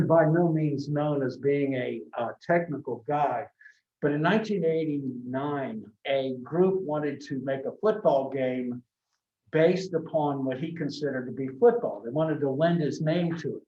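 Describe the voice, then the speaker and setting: A man's voice: fairly high pitch, measured pace, a little mellow. Man lecturing in an echoey classroom. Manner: conversational, anecdotal, frequent restarts. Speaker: college marketing instructor. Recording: echoey classroom from a distant mic, dull sound.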